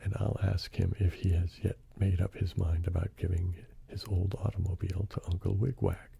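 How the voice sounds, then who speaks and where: A man's voice: sits low, little pitch movement, moderate pace, gravelly, mellow, slightly rough, exaggerated voice. A man voicing a little boy bear who is whiny and easily frightened, in a storybook reading. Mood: eager.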